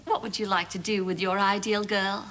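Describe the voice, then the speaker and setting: A woman hosting a TV game show in a studio, teasing and joking with the contestants in lively banter. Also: medium pitch, normal speed. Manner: teasing, jokey, chatty. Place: TV studio with live audience. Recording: hissy old VHS TV recording. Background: loud studio audience.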